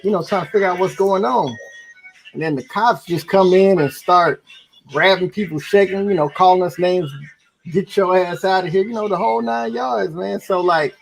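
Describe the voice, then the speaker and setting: A man's voice: fairly high pitch, creaky, rough recording. A man in his fifties from San Antonio, Texas, speaks in a laid-back, conversational way as a podcast co-host. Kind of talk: casual group discussion.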